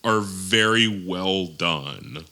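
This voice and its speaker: A man co-hosting a casual podcast, talking in a bright, crisp, smooth voice that sits a little low. He rambles through his explanations in an unhurried way, with asides and laughs along the way. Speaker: podcast co-host. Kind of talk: casual chat.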